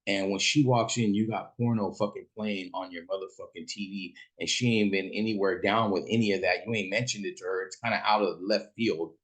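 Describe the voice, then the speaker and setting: A man's voice: sits low, fairly even intonation, a bit bright. A man who drives for a rideshare app tells a story in a rambling, casual way, swearing freely. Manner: rambling and profane, quick asides.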